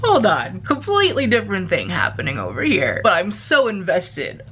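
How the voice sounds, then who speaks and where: A book vlogger in her twenties gushes animatedly about a book in casual chat, peppering her speech with "like." She speaks in a mid-range voice at a moderate pace, with slight background noise.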